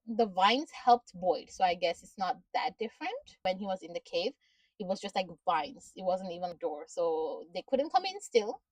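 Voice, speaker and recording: A woman's voice: medium pitch, a little mellow, no room sound, distant mic, rough recording. A woman giving a casual recap of a TV episode, ranting in exasperation with frequent swearing and laughter. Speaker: show reviewer.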